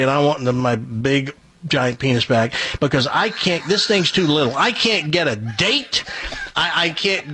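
A man's voice: a little high, a bit bright, a little hiss or hum, pitched above the performer's own voice. A man voicing a shy young man with a heavy stutter, in a joke told on radio. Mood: frustrated. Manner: stammers and repeats words.

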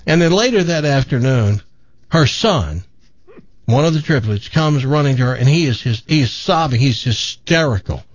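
A man's voice: medium pitch, lively intonation, normal speed. A male radio host telling a long joke on air, rambling with fillers and restarts. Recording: slightly dull radio sound.

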